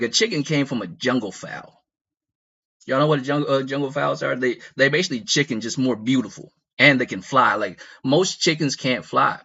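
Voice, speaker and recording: A man spinning a loose, profane story with a bright, forceful tone, circling back on himself and chuckling at his own tale. His pitch sits in the middle range. The recording sounds slightly dull and muffled. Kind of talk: casual comedic storytelling.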